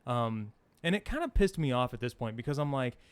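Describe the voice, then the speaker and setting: Lively middle-aged man telling a story. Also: mid-range voice, fairly quick, smooth, dry recording. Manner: animated storyteller, rambling with fillers. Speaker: podcast co-host. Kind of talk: casual chat.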